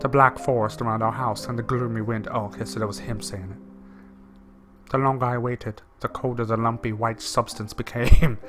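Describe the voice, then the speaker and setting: Young male gamer, playful reader, loud game music underneath. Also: mid-range voice. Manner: playful, jokey asides while reading. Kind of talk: playing and reading a game aloud.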